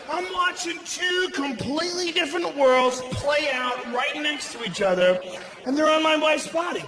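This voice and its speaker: A stand-up comedian shouts his way through a crude story in a very high, strained register. His voice rings through a big roomy theater, with the crowd's noise clearly under it. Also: moderate pace. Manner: loud, profane, animated storytelling with shouted punchlines. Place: large theater stage. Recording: roomy live theater sound with audience noise.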